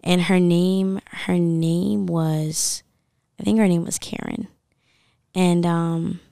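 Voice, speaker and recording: A young woman with a low, gravelly voice tells a personal story in loose, chatty podcast talk. She fills her speech with likes and you-knows. The sound is close and dry. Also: level tone, takes it slowly, mellow, dry recording. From United States. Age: young adult. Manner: chatty, full of fillers and likes. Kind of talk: casual storytelling chat.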